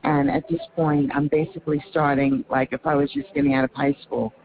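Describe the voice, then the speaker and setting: A woman's voice: low-pitched, fairly quick, creaky. A woman in her fifties calling in with a hesitant, discouraged question. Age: 50s. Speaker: caller. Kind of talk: recorded phone question. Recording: tinny phone line with crowd noise.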